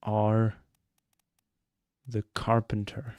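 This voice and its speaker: A man's voice: on the low side, completely flat delivery, extremely slow, a little mellow, no room sound, highs cut off. A young man streaming a mystery game live, chatting and joking with his viewers as he plays. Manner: chatty, joking, answers chat.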